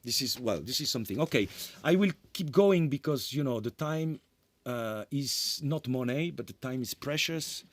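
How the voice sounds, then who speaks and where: A man giving a conference lecture as a composer, talking in an animated way, often tagging sentences with "eh?" and restarting phrases. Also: mid-range voice, normal speed, no room sound. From France. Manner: animated, tag questions "eh?", frequent restarts.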